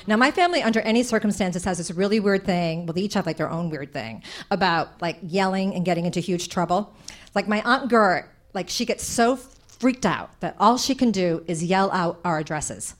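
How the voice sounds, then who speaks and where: A young woman telling a comic personal story on stage, animated and chatty, with many fillers. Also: on the low side, normal speed.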